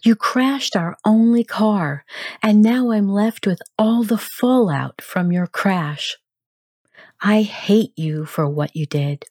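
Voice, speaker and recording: A woman's voice: fairly low pitch, darkish tone, breathy edge, no room sound, clean studio sound, full character voice. A woman voicing an angry grieving widow who rails at her late husband in shaky, pleading outbursts.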